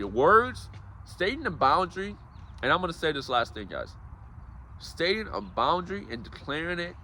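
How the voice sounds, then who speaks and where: A man's voice: mid-range voice, pushed and bright, a little hiss or hum. A man giving a casual, preachy motivational talk, calling his listeners guys and bro. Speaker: self-help speaker.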